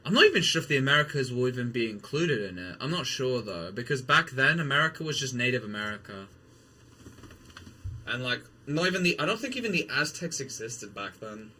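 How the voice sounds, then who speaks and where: A young man streaming a game, rambling, excitable and joking, with casual swearing. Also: mid-range voice, brisk, a little hiss or hum. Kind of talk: casual chat while gaming.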